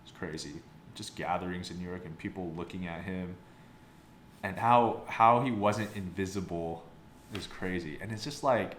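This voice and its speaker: Laid-back young male reviewer, deep voice, rambly and profane, echoey room with faint background hiss. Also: moderate pace. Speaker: photobook reviewer. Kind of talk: casual review chat. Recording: roomy sound with faint background noise.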